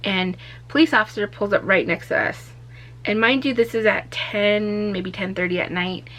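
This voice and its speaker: A young woman vlogger from Arizona telling a story in a casual, animated way, acting out what people said. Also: mid-range voice, moderate pace. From Arizona, USA. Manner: animated, acts out quotes with raised voice.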